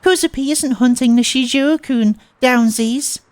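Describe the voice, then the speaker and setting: A man's voice: extremely high pitch, a little slow, no room sound, voice pushed up. A man voicing a timid, odd young girl who talks about herself in the third person, with childish baby talk. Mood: cutesy.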